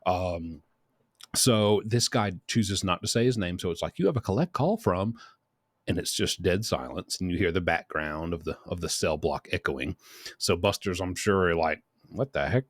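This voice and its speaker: Man, low voice, casual commentary, chatty, very dry close sound. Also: steady tone, moderate pace, no echo. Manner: chatty, shifts into quoted voices. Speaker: host.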